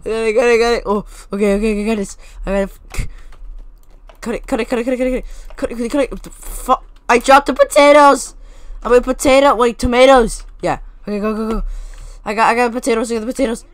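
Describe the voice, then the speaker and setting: A woman chatting frantically while playing a co-op cooking game, swearing, laughing and shouting orders at her teammate. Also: on the high side, steady tone, fast, dry recording. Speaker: gamer. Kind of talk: casual co-op gameplay chat.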